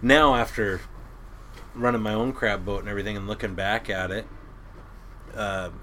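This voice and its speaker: A middle-aged man, a crab boat captain, telling stories in a casual, gruff and animated way. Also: fairly low pitch, moderate pace, a little hiss or hum. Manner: gruff, animated storyteller who laughs at his own tales. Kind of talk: casual storytelling.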